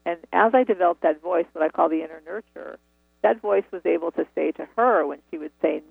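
A woman's voice: on the low side, a little fast, creaky, breathy edge, dry recording. A woman author telling her story earnestly and reflectively in a phone interview, over a tinny phone line. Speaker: author and guest.

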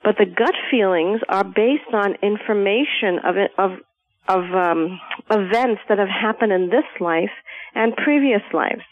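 A woman guest on a spiritual talk show, explaining ideas in a calm, measured way and sometimes playfully acting out voices. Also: medium pitch, no echo. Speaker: guest speaker. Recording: phone-like narrow sound.

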